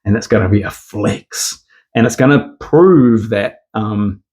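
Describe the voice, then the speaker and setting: A man's voice: lowish voice, measured pace, darkish tone. A man giving a rambling, profane opinion monologue full of sarcasm. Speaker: commentator.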